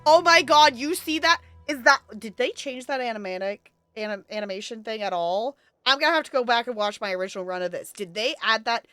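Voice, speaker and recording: A woman streaming a narrative game live, reading its text aloud and gushing with quick laughs between lines. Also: a little high, a bit bright, clear, resonant tone, no echo, soft background music.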